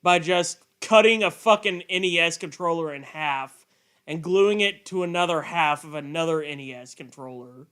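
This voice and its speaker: A man's voice: fairly high pitch, moderate pace, fairly bright tone, smooth. A man streaming a game with friends, cracking crude, sarcastic jokes in casual chat.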